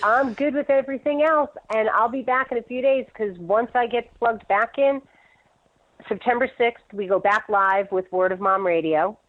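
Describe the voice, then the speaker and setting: Brief: middle-aged woman guest, lively storyteller, tinny phone-line sound. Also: fairly high pitch, normal speed. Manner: animated storyteller, laughs often. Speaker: entrepreneur guest. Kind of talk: casual interview chat.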